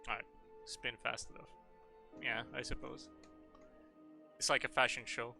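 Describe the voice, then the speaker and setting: Bright, playful game streamer man. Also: mid-range voice, level tone, measured pace, creaky, soft background music. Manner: playful, swears a lot, rambling. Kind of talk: casual live-stream chat.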